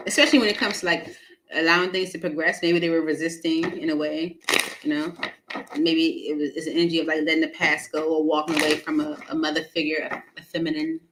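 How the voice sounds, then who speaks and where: Woman, low-pitched; chatty tarot host who laughs a lot, faint noise behind. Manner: chatty, laughs often, talks to viewers by name. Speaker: tarot reader hosting a live stream. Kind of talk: casual live tarot reading.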